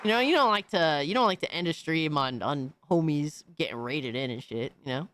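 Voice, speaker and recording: A woman livestreamer in casual, profane chat, excitably reacting to videos and thanking viewers by name. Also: deep voice, brisk, a faint crowd.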